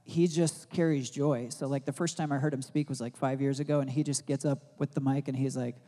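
A pastor giving a sermon, telling a rambling personal story full of fillers and restarts, growing loud and excited as he retells it. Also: medium pitch, brisk, big-room sound.

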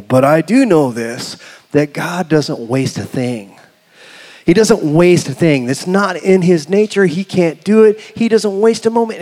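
A middle-aged man preaching a sermon as pastor, telling a personal story with emotion, swinging from loud to hushed. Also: fairly high pitch. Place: church sanctuary. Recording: long hall reverb.

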